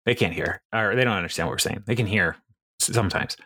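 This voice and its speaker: He's a fast-talking podcast co-host with a fairly low pitch and a bright, forceful tone. Chatting casually about a TV episode, he recounts scenes with quoted lines, laughs often and uses many fillers.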